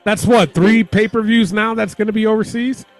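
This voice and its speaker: A man's voice: sits high, fairly even intonation, moderate pace, faint music behind. A man hosting a wrestling podcast, reading out listener comments and laughing often between them. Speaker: podcast host. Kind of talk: casual chat.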